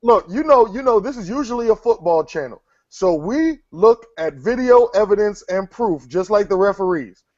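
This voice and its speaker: A man's voice: high-pitched, expressive, moderate pace, hardly any pauses, darkish tone, dry recording. A man hosting his own interview show, blunt, teasing and profane with his guest. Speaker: show host. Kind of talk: casual interview chat. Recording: dry, muffled lo-fi audio.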